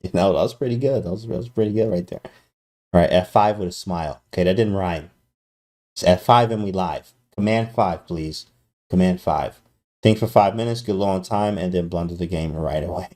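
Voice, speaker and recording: Slangy male chess streamer, hyped, talks to chat, lowish voice. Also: brisk, darkish tone. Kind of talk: live-stream chess commentary.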